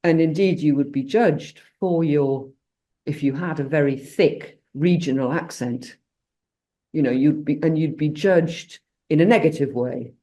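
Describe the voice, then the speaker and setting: A woman's voice: low-pitched, unhurried, dark tone. A woman in her sixties, a coach telling a long personal story in a casual group chat, with many restarts and fillers. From Britain.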